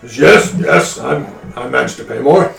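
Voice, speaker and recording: A busy male professor of magic speaks in a formal, stiff way, as a man voices him at the table. The voice is gravelly. The room echoes, and faint music plays behind. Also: mid-range voice, animated, a little slow, fairly bright tone, full character voice.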